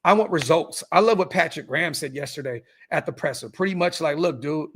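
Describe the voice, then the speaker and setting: A man's voice: on the high side, animated, brisk, fairly bright tone, breathy edge. A man hosting a casual sports fan podcast, ranting bluntly with lots of fillers, repeats and swearing. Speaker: podcast host.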